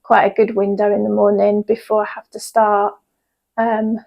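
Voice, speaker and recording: A woman's voice: medium pitch, completely flat delivery, moderate pace, vocal fry, a little mellow, poor audio. A woman, a yoga teacher chatting casually in a home vlog, rambling with lots of ums. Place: at home in her yoga room.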